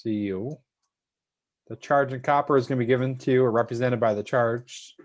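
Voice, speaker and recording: A man's voice: medium pitch, normal speed. A man teaching a chemistry lesson to an online class, talking casually and thanking students by name.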